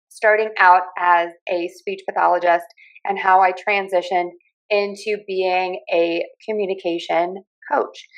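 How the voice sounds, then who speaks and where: A woman from Western Pennsylvania with a softened Pittsburgh accent, hosting a podcast and talking alone in a clear, measured, instructive way. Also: medium pitch, poor audio. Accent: Pittsburgh, softened by years in other US regions. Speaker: podcast host and communication coach. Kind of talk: solo podcast talk.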